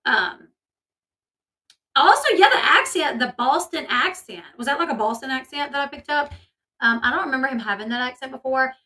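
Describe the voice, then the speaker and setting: Woman, commentary host, chatty, opinionated, bright tone, set back from mic. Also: sits high, animated, moderate pace, distant mic, poor audio. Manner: chatty, opinionated, many fillers. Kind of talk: casual commentary.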